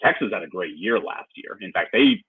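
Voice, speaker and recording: Male podcast co-host, animated sports talker, low husky voice, dry phone-quality sound. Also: a little fast, dry recording. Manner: animated, laughs easily, restarts often. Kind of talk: casual sports chat. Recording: tinny phone-like line.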